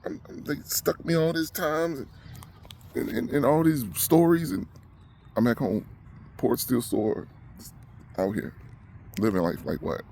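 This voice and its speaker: Gravelly-voiced man in an emotional rant. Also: mid-range voice, a little slow, long pauses, a little mellow, a little hiss or hum. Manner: agitated, repetitive, heated. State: emotional and short of breath. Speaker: vlogger.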